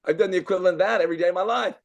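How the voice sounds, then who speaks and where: A man's voice: sits high, racing, vocal fry, dull audio. An older man, a life coach, giving an emphatic motivational talk to a group, repeating himself and firing rhetorical questions. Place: event room with a live group.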